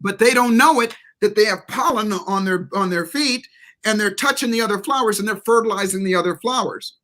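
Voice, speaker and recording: A male motivational speaker talks with preacherly emphasis. He leans hard on key words and says them twice for effect. His pace swings between slow, stressed phrases and quick bursts. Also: high voice, bright, forceful tone. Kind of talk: motivational talk on a live interview show.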